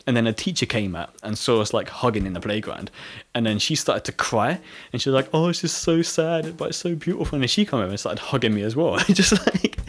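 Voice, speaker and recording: A man's voice: fairly low pitch, animated, fast talker. Rambling British man telling a story. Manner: rambling, filler-heavy storytelling with frequent laughs. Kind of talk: casual chat.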